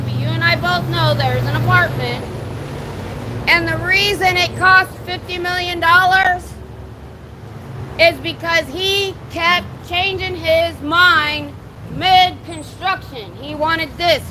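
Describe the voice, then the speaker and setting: A woman protesting outdoors near a building's door, projecting her voice loudly in an indignant, challenging drill-sergeant manner while livestreaming on a phone. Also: extremely high pitch, slight background noise. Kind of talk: loud street protest speech.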